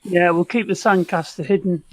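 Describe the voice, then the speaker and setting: A man's voice: high-pitched, steady tone, moderate pace, no echo. A jokey older man chats casually as a player in a tabletop game. His voice comes across dry, with little room sound. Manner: jokey, playful.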